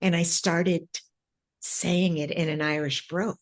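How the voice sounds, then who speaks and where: A woman's voice: on the low side, fairly even intonation. Reflective woman telling a personal story. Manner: reflective, halting with many fillers. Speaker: interview guest, ancestral healer.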